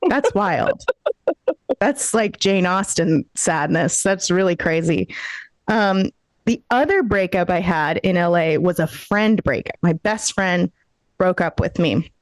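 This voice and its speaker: A woman's voice: on the low side, lively intonation, slow, no echo, low-quality recording. A woman doing a self-deprecating stand-up set over a video call, holding a handheld mic. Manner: self-deprecating, punchy storytelling. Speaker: stand-up comedian. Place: home in a warm city, daytime. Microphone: handheld microphone.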